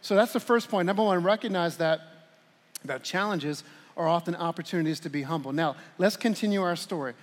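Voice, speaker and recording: Male pastor, forties, high-pitched voice, lively conversational sermon, long hall reverb. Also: brisk. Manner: animated, conversational preaching with playful asides. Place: large church hall.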